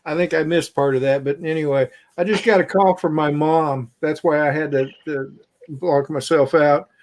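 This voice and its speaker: Middle-aged man, chatty livestream co-host, slightly high voice. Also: fairly even intonation, normal speed, a little mellow. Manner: chatty, laughing, greets viewers by name. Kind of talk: casual livestream chat.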